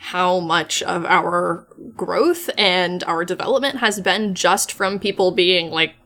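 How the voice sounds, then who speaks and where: A woman's voice: lowish voice, slow pace, a bit bright. A woman co-hosting a podcast in casual chat, enthusiastic and giggly, reading out show credits. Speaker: podcast co-host.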